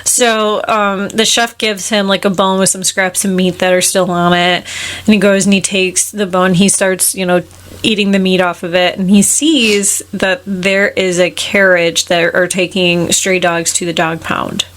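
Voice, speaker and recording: A woman co-hosting a podcast, retelling a film's plot in casual chat and dropping into quick quoted voices for the characters. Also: mid-range voice, level tone, fairly bright tone. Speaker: podcast co-host. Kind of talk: casual film recap chat.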